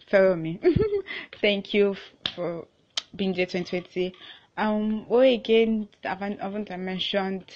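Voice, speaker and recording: A woman's voice: mid-range voice, muffled recording. A young woman with a Nigerian accent, hosting her own casual podcast. She chats loosely, restarts often and laughs between thoughts. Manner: chatty, with frequent restarts and laughter. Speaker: podcast host.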